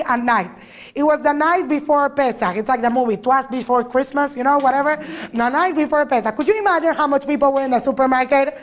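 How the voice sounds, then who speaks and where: A woman giving an animated talk to a live audience, telling stories, joking and asking the listeners questions. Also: sits high. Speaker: speaker giving a religious talk. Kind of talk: lively storytelling talk to an audience.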